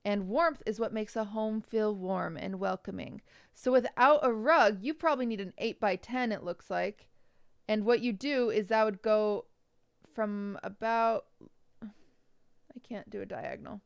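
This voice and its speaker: A woman's voice: medium pitch, unhurried, gravelly, clear, resonant tone, no echo, studio quality. A young woman streaming live, chatting casually and giving frank, blunt design advice, sometimes swearing for emphasis. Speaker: streamer reviewing viewers' bedrooms.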